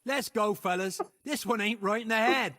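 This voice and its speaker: An actor voicing an irritable, threatening street thug in a video game who swears and issues threats. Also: male voice, sits high, moderate pace, a bit bright. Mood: exasperated. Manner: irritated, menacing, profane. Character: threatening street thug at night, male adult, short-tempered. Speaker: game character.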